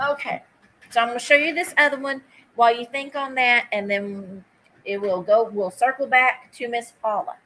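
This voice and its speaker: A woman's voice: on the high side, fairly even intonation, moderate pace, bright, forceful tone, poor audio. A woman hosting a live online vintage sale. She chats casually, greets viewers by name while she takes bids, and drops easy asides. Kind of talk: live-stream auction chat.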